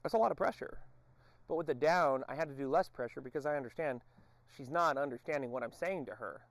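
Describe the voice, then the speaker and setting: A man's voice: fairly high pitch, fast, dry recording. A man working as a dog trainer, explaining his methods to viewers while giving a dog short, firm commands during a training session outdoors. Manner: addresses viewers directly as folks.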